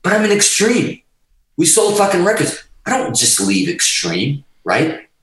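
A middle-aged man telling an animated, profanity-laced story in casual chat, often laughing as he talks. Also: a little high, a little slow, heavy reverb, distant mic, low-quality recording. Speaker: guest guitarist telling a story.

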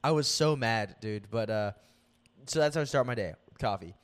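A man's voice: lowish voice, lively intonation, normal speed, smooth. Laid-back young man saying "dude". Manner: laid-back, says "dude" a lot, laughs often. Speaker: podcast co-host. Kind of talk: casual chat.

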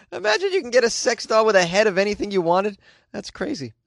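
A man's voice: high voice, normal speed, no echo, studio quality. A man hosting a daily comedy news podcast, reading odd stories with wry, jokey asides. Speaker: podcast host.

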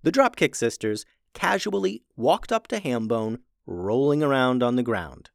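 A children's podcast host reading a storybook aloud in a lively, upbeat way. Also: medium pitch, measured pace, creaky, no room sound, clean studio sound. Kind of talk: storybook narration.

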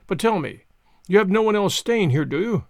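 Brief: male narrator as a gallant young lord, genteel and hearty, expressive delivery. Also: high voice, normal speed, no room sound, studio quality.

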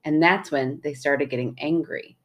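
A woman with a low voice chats through a casual podcast episode, reading a story aloud with a chatty, teasing manner. She laughs easily and keeps the talk loose. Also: moderate pace, dull audio. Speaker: podcast co-host.

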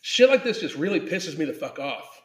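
A man's voice: a little high, sing-song, moderate pace, echoey room. A man in his thirties hosting a live podcast, swearing constantly in an angry, emphatic rant and reading chat comments aloud. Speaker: podcast host reacting to a video and live chat. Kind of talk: profane live-stream rant.

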